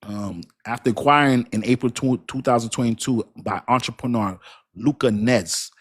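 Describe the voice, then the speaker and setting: A man's voice: mid-range voice, moderate pace, husky. A man hosting a casual crypto livestream, talking straight to his chat in a hyped, repetitive way. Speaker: crypto channel host.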